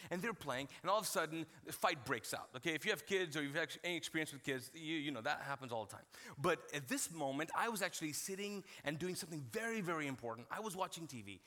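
A male pastor in his thirties giving a sermon, talking to the congregation like friends and joking as he tells stories. His voice sits high for a man and has a bright, forceful edge. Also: lively intonation, fast. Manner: conversational storytelling with humor, addressing the congregation.

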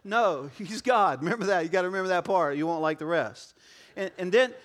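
High-voiced joking male preacher. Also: animated, fairly quick. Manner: joking and conversational, with audience asides. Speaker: pastor. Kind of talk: sermon. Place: church auditorium before a congregation.

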